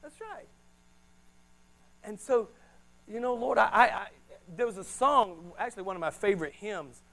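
High-pitched middle-aged guy preaching, gets quiet then loud, animated sermon. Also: normal speed, long pauses, poor audio. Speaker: pastor.

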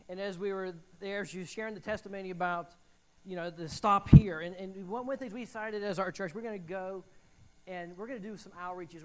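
A man with a fairly high voice shares a testimony about his church. He speaks haltingly, stopping and restarting as he goes. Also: poor audio. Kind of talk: testimony sharing.

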